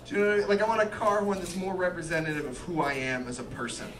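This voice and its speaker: A young adult man performing a stand-up comedy set, lively and quick to act out voices, with audience laughter between his lines. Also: fairly high pitch. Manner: animated, acts out voices in quick bursts. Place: comedy club stage with live audience. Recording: distant mic, loud crowd laughter.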